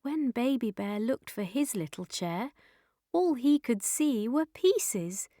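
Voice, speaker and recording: A woman reading a children's story aloud in a slow, clear, expressive way. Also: a little high, no echo, clean studio sound.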